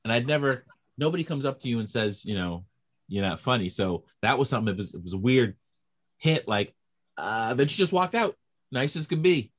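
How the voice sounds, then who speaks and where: A man with a mid-pitched voice tells stories from his stand-up career at an easy conversational pace. He acts out the people he quotes and swings his pitch up and down. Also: fairly quick, breathy edge. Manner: animated storyteller acting out quoted voices. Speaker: stand-up comedian guest. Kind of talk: casual storytelling chat.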